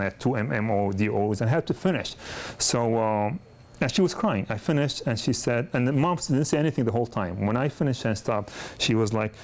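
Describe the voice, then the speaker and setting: A middle-aged man lectures other dentists in a loose, conversational way. He often restarts his sentences and repeats words as he tells stories from his practice. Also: medium pitch. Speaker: pediatric dentist teaching a course. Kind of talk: lecture with personal anecdotes.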